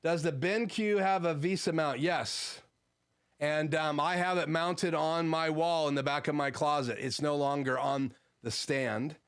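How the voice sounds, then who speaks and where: A man's voice: fairly high pitch, steady tone, measured pace, smooth. A man hosting a live stream from his home studio, casually explaining his gear and answering chat questions with frequent fillers. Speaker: livestream host.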